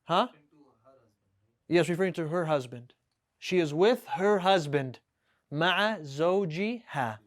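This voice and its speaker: Male teacher, higher register, patient classroom explainer who keeps checking in with "right?". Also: lively intonation, unhurried, long pauses. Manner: explains patiently, checks with "right?", reads Arabic examples aloud. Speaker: Arabic teacher. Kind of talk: classroom lesson. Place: classroom with students.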